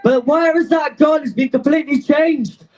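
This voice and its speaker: A young man, a student activist, giving an impassioned, defiant speech to an outdoor rally, shouting and out of breath. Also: extremely high pitch, steady tone, normal speed, rough recording. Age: young adult.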